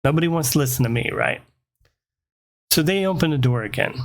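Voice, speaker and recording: A young man casually telling a wild story from his past, animated and swearing freely. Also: on the high side, fairly quick.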